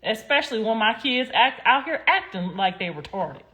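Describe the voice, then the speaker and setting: A woman ranting on a casual livestream, blunt and heated, swearing freely and swinging between loud outbursts and low mutters. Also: sing-song, normal speed.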